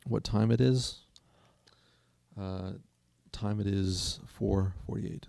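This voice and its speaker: Creaky-voiced man telling a story. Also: fairly low pitch, fairly even intonation, takes it slowly, mellow, dry recording. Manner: earnest, rambling storytelling. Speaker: co-host. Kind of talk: casual chat.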